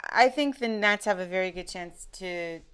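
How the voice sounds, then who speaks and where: A woman co-hosting a live sports talk stream, chatting in a quick, teasing way. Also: fairly low pitch, fairly bright tone, clean tone. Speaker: podcast co-host. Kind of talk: casual sports chat.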